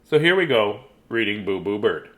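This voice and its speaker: A man's voice: lowish voice, very animated, normal speed, a bit bright. A middle-aged man chatting playfully with young viewers at home and reading a storybook aloud. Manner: chatty, playful, rambling, greets viewers by name. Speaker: children's storybook reader. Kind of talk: casual live-stream chat and read-aloud.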